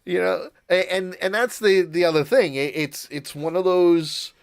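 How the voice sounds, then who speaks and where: Halting man recapping a show. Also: high-pitched, fairly even intonation, vocal fry, smooth. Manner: halting, repeats words, laughs often. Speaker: podcast co-host. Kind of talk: casual chat recapping a show.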